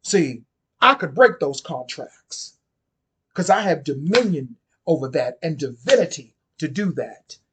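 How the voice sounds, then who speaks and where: A man's voice: on the high side, sing-song, unhurried, noisy background. A man giving casual spoken commentary on occult topics, sassy and chatty, often repeating and restarting his phrases.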